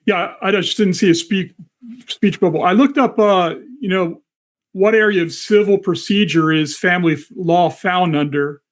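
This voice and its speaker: A man's voice: high-pitched, moderate pace. A man in casual conversation over a video call, hesitantly reading out what he looked up.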